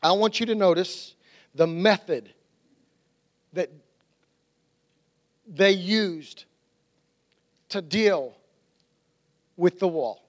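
High-voiced preacher with a drawl. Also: male voice, very slow, long pauses. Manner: animated preaching with restarts and acted-out quotes. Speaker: pastor. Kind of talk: sermon.

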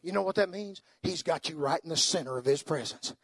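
An older man preaching a sermon, moving from hushed, tender storytelling to soaring, impassioned climaxes. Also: on the high side, a little fast, slightly rough, no room sound.

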